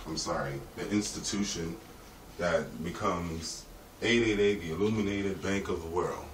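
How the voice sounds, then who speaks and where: A man's voice: sits low, fairly bright tone. Profane rambling man, distant and echoey. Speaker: vlogger. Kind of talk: rambling vlog monologue. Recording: roomy echo, distant mic, faint ambient noise.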